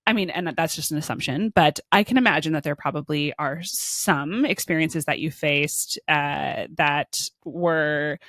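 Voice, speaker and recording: A woman's voice: low-pitched, a bit bright, dry recording, studio quality. A woman hosting an interview, casual and encouraging, with loose, rambling phrasing. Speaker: interviewer host.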